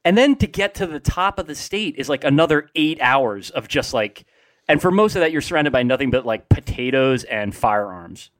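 A man's voice: medium pitch, lively intonation, moderate pace, a bit bright, no room sound. A middle-aged man from New Jersey co-hosting a podcast, rambling with lots of "like" and self-deprecating humor. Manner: rambling, self-deprecating, many filler likes. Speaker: podcast co-host. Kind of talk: casual chat.

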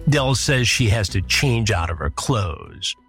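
A man's voice: on the low side, sing-song, unhurried, over music. A man hosting and narrating a true-crime story, with dry, sarcastic asides. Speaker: podcast host narrating a past sting.

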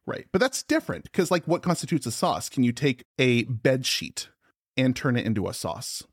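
A man's voice: medium pitch, big pitch swings, moderate pace, breathy edge, no echo, clean studio sound. A man co-hosting a podcast in casual chat, playful and teasing. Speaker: podcast co-host.

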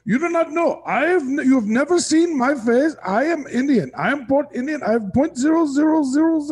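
A man's voice: extremely high pitch, animated, brisk, a little mellow. A podcast co-host, a man, joking through comic banter in a put-on voice that he keeps up the whole time. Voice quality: playful mock voice held throughout.

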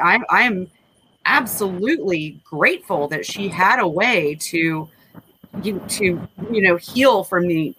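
Woman, 40s, low-pitched, bright tone, candid rambling talk, faint noise behind. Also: poor audio. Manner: candid, rambling, frequent restarts. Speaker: panel guest. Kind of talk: casual discussion.

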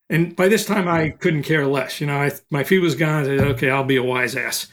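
A man's voice: a little high, fairly quick, few pauses. An older man, a recruiting expert, telling a long story in a podcast interview and acting out the quotes. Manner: animated storyteller, acts out quotes.

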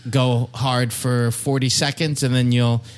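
A man's voice: mid-range voice, flat delivery, measured pace. A man hosting a casual podcast chat, rambling with lots of fillers and joking around. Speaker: podcast host.

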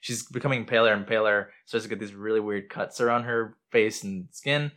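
A man's voice: fairly low pitch, steady tone, a little fast, a bit bright. A man co-hosting a casual movie discussion, laughing often and acting out characters' lines. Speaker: podcast co-host.

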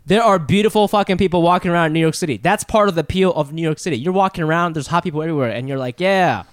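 Man, high-pitched, playful, goofy, comedy podcast co-host, dry close mic. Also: racing, no echo. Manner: goofy, playful, hammy introductions. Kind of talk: casual comedic chat. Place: New York.

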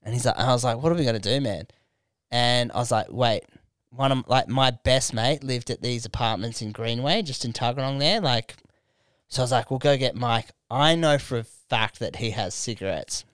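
Australian young guy, comedian on a podcast, spinning a sweary story with the quotes acted out, and his voice sounds smooth and dry, like it's close to the mic. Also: medium pitch, normal speed, dry recording. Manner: animated, swears a lot, acts out quotes. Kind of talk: casual storytelling chat. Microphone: studio microphone.

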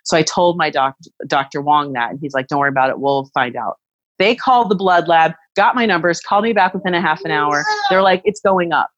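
A woman in her thirties, telling a personal story in casual chat, animated and acting out what others said. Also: deep voice, fairly quick, no echo, dull audio. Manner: animated, acts out quoted voices.

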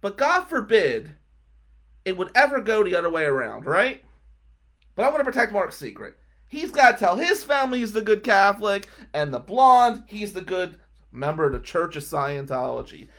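A man hosting a show, telling a personal story in a casual monologue, animated and swinging from loud outbursts to low mutters. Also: normal speed.

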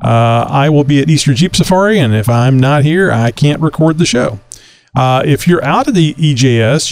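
A man's voice: mid-range voice, a little mellow, no room sound. A man from Texas hosting a casual talk show, rambling with many fillers. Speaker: podcast host.

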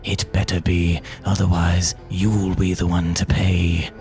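Man doing a menacing low-voiced captain. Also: little pitch movement, unhurried, darkish tone, soft background music. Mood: threatening. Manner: low threatening murmur.

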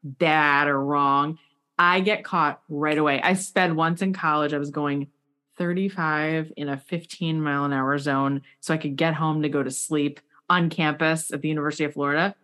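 A woman interviewing a guest, telling a long personal story in a chatty, animated way with many asides. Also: sits low, normal speed. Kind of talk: casual interview chat.

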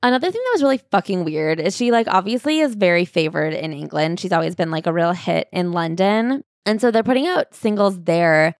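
A woman co-hosting a casual chat, retelling a story with excitement and swearing. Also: lowish voice, brisk, hardly any pauses, no room sound, studio quality. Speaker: podcast co-host. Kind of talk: casual book-club chat.

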